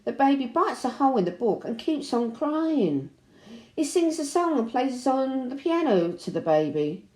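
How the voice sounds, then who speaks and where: A woman reading a children's picture book aloud in an expressive, animated way. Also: high voice, moderate pace. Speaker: storybook reader. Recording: roomy echo.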